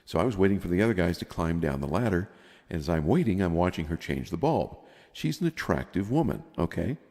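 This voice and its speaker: A man in his fifties, co-hosting a podcast, spins a long, rambling story in casual chat and laughs often as he goes. His voice is low, sing-song, brisk and a little mellow, and it sounds like he's in a large hall.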